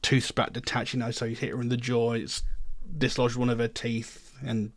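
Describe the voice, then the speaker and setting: A man's voice: mid-range voice, monotone, moderate pace. A middle-aged man hosting a music reaction, talking in a rambling way and leaning on "you know" fillers. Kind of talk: casual reaction commentary.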